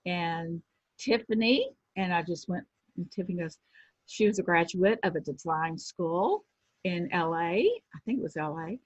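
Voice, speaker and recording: A woman in her sixties, a former pro wrestler, telling lively anecdotes in an interview and acting out the people she quotes. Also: fairly low pitch, moderate pace, no echo. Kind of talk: casual storytelling interview. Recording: dull lo-fi sound.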